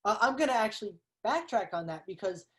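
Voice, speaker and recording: A woman guest on a podcast, talking a movie over in lively, analytical casual chat and acting out her reactions. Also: medium pitch, fast talker. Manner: animated, analytical, acts out reactions.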